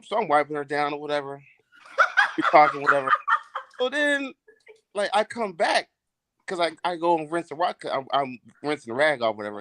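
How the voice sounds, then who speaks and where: Animated male storyteller, loose and profane, very expressive pitch, dry mic. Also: no room sound. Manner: animated, profane, laughs while telling. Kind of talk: casual podcast storytelling.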